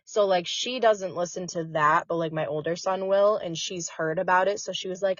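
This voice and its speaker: A woman's voice: on the low side, fairly even intonation, moderate pace, hardly any pauses, fairly bright tone, no echo. A woman co-hosting a podcast in casual chat, talking freely and leaning on "like" fillers. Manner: chatty, heavy on "like" fillers. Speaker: podcast co-host. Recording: dry muffled lo-fi recording.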